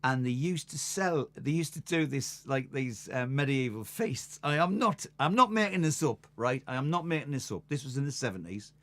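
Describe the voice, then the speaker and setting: A man's voice: mid-range voice, animated, normal speed, hardly any pauses, fairly bright tone. An older man, a musician hosting a live stream, telling rambling stories between songs and laughing at them. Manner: chatty, rambling, laughs at his own stories. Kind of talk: casual storytelling between songs.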